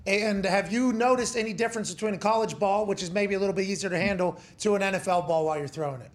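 A man hosting a sports talk show, asking long, rambling, energetic questions. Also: high-pitched, fast. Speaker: host.

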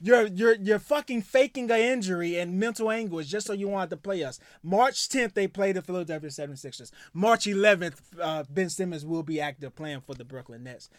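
A man with a high voice rants in a heated, profane sports monologue, tripping over repeated words as he builds up steam. His voice sounds dry and close, with no room around it. He talks like a co-host who has been waiting to say this for a long time. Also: fairly quick, few pauses, no echo. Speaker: podcast co-host. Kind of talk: casual sports talk and rant.

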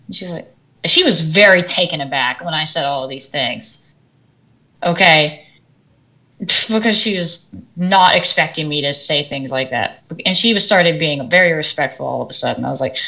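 A woman who teaches orchestra, co-hosting a podcast and ranting in a lively, animated storytelling way. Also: low voice, moderate pace, rough recording. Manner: animated storytelling, swings loud and soft. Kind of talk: casual podcast rant.

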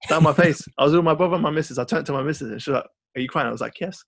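A man co-hosting a podcast, chatting casually and rambling through an animated story with lots of fillers. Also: on the high side, racing, gravelly. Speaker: podcast co-host. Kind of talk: casual film chat.

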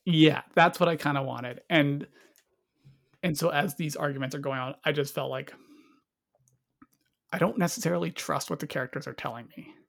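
A man's voice: a little high, moderate pace, gravelly, pauses often, fairly bright tone. A man chatting casually about a movie, rambling and cutting himself off, acting out lines in quotes. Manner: rambling, self-interrupting, acts out quotes. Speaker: movie reviewer. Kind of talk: casual podcast chat.

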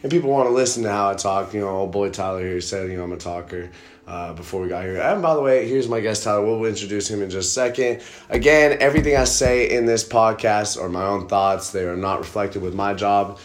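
A man's voice: lowish voice, fairly quick. A man hosting a podcast in a loose, profane, rambling casual chat. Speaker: podcast host. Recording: echoey room.

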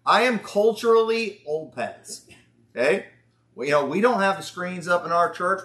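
A man's voice: high voice, big pitch swings, normal speed, fairly bright tone. A male pastor with a Southern accent preaching at a church conference, folksy and sarcastic, drawing out the words when he quotes. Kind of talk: conference sermon. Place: church hall. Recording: echoey church hall.

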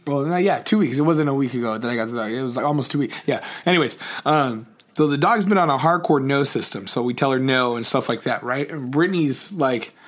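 A man's voice: medium pitch, fairly quick, few pauses. A young man chatting casually in a personal vlog, rambling with lots of fillers and restarts and swearing freely.

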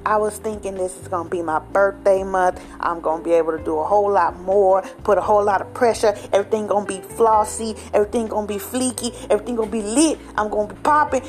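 A woman vlogger talking straight to her viewers in a casual, animated, slang-filled way, often tagging lines with "okay?". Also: medium pitch, fast talker, soft background music. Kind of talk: casual direct-to-camera chat.

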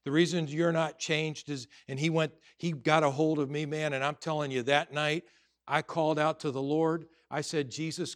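A man's voice: a little high, a bit bright. Earnest middle-aged male pastor preaching. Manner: earnest storytelling with many restarts, rising to emphatic preaching. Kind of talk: sermon.

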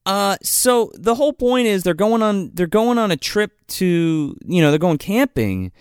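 A man's voice: high-pitched, sing-song, a little slow, smooth, no room sound, clean studio sound. A man co-hosting a podcast, talking crudely and incredulously, swearing all the time as he recaps a movie. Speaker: podcast co-host reviewing a movie. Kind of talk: casual profane chat.

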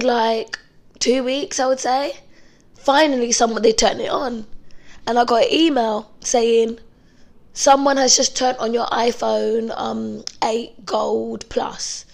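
A young woman from telling a story to camera in a chatty, animated way, with some swearing. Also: a little high, creaky. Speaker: vlogger. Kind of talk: casual storytime.

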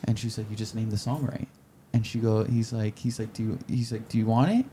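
A man in his twenties, a podcast guest, telling heartfelt stories in an earnest, halting way. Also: lowish voice, completely flat delivery, background noise. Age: 20s. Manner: halting, searching for words. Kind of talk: casual interview chat.

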